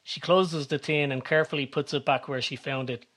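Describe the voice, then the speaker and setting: A man giving calm, measured scripted narration. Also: a little high.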